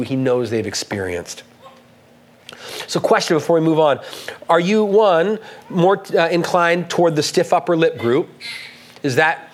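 A man preaching a sermon as pastor, talking earnestly and rising in pitch when he reads scripture aloud.

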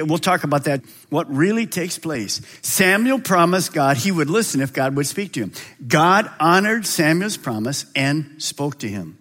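This sermon comes from a man who pastors a large church; his dramatic style rises to loud, high calls and then falls to quiet, low moments.

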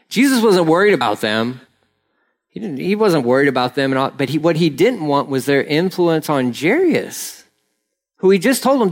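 A male pastor delivering a conversational sermon, his voice sitting a little high for a man. He tells the story loosely, breaking into acted-out lines and quick side comments. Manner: animated, acts out voices of the story, rambling asides.

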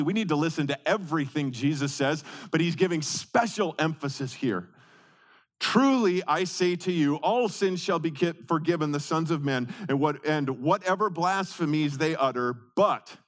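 A male pastor delivering a sermon with a voice a little higher than most men's. He preaches emphatically, hammering key words through repetition. His delivery lurches between quick, pressing bursts and slow, deliberate phrases.

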